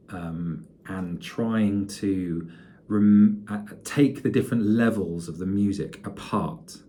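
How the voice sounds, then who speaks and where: A man's voice: lowish voice, mellow. A man lecturing music students in a conversational way, with many fillers and restarts.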